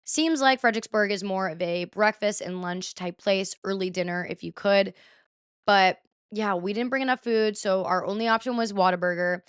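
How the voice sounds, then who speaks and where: Chatty young woman with a smooth voice. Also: medium pitch, moderate pace, dry recording, studio quality. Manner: chatty, animated, heavy use of "like". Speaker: vlogger. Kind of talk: casual storytelling vlog.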